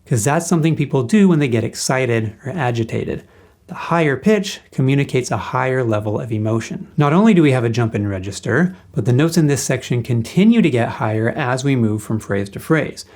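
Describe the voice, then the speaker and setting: A man's voice: medium pitch, lively intonation, fairly quick, darkish tone. A man teaching a guitar lesson, explaining music theory patiently and singing rhythms as syllables.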